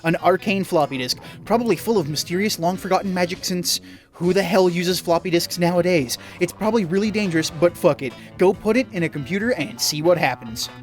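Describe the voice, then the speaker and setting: A man's voice: high voice, a little fast, faint music behind. A man commenting on a game, reading the text aloud with a jokey, profane, laughing manner. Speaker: gamer. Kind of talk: let's play commentary.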